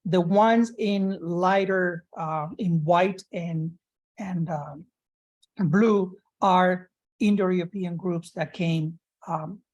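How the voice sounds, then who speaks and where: A male professor giving an academic conference presentation, measured and explanatory, with frequent "uh" and "um" fillers and restarts. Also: high voice, darkish tone, muffled recording.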